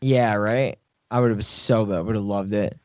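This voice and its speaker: A man's voice: fairly low pitch, steady tone, a little slow, dry recording. A man co-hosting a podcast in casual chat, rambling with lots of filler words and casual swearing. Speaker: podcast co-host. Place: podcast studio.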